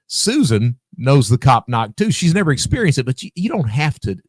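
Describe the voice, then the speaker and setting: A man's voice: mid-range voice, normal speed, breathy edge, dry recording. A man guest on a podcast, telling a story casually, acting out the dialogue and swearing freely. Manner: animated, acts out quoted dialogue, swears freely.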